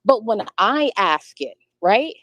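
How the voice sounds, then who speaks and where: A woman's voice: mid-range voice, very animated, takes it slowly, fairly bright tone, dry recording, muffled recording. A woman arguing heatedly on an online debate panel, combative and profane, insisting on her side. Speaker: panel guest.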